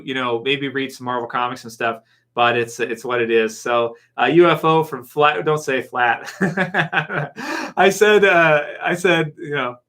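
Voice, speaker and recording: A man's voice: a little high, bright, forceful tone. A man hosting a casual live stream, reading out viewer comments and rambling in a friendly way with lots of fillers. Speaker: YouTube channel host.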